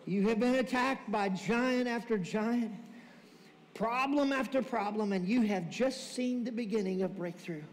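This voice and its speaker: A man preaching with fervor, his voice sitting very high for a man. His words ring with a long hall reverb through the church sanctuary, climbing into shouted calls to the congregation. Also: unhurried. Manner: impassioned preaching, building to shouts. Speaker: pastor. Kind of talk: sermon.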